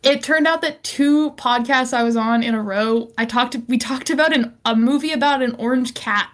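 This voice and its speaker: A woman's voice: sits high, moderate pace. A woman guest on a podcast, an animator chatting casually about her work and often restarting her sentences. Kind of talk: casual chat.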